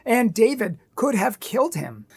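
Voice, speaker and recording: Woman ranting earnestly, lots of rhetorical questions, bit of vocal fry. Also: on the high side, big pitch swings, normal speed. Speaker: commentator. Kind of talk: opinion commentary.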